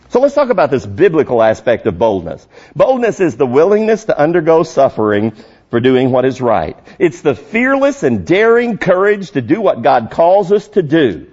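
A male pastor preaching a sermon emphatically, rising to loud high peaks and dropping to low quiet lines. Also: huge pitch swings, normal speed, breathy edge, highs cut off.

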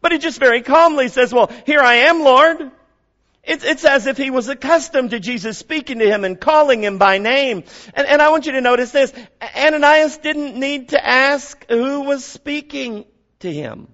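High-voiced preacher swinging loud and soft. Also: male voice, lively intonation, moderate pace, dull audio. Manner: swings from quiet to loud emphasis, asks the congregation questions. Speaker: pastor. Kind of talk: sermon.

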